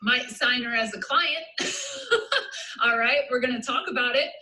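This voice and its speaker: A woman with a Southern US accent giving an energetic live business-coaching talk, emphatic and repetitive, laughing often. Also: high voice, measured pace, reverberant, low-quality recording.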